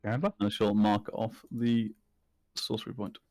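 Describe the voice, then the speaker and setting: A man's voice: lowish voice, little pitch movement, a little slow, a little mellow, faint music behind. A man playing a tabletop game, chatting in an easygoing way. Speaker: player. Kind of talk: casual game chat.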